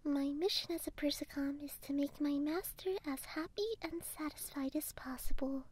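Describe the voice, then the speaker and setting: A woman voicing a devoted young female android housekeeper in a soft, deferential whispered role-play. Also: sits high, steady tone, moderate pace, lightly acted. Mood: doting.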